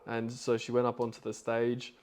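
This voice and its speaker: A man's voice: mid-range voice, completely flat delivery, normal speed, darkish tone. A man hosting a podcast, retelling a story in a loose, rambling way with lots of fillers. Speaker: podcast host.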